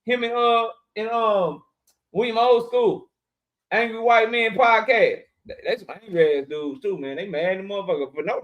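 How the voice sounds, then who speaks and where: A young man hosting a casual livestream, shouting out viewers in chat and joking around with loud, profane banter. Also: high voice, moderate pace, muffled recording. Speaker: livestream host.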